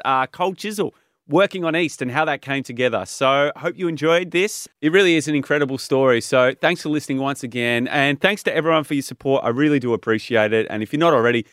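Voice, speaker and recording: An enthusiastic man hosting a radio interview at a mid pitch, gushing about his guest. The sound is dry and close. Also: a bit bright, clear, resonant tone, no echo. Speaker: radio host. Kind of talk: interview and show outro.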